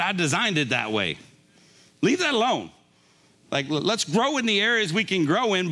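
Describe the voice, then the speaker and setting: A man's voice: high-pitched, sharp tone. An older man preaching a conversational sermon, often laughing and checking in with a "right?". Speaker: pastor.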